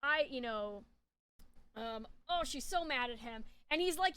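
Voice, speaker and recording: A woman talks through a character analysis in a chatty, rambling way, full of fillers and restarts. Her voice sits high and sounds bright and forceful. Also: expressive, slow pace. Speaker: speaker giving a character analysis. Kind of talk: casual spoken analysis.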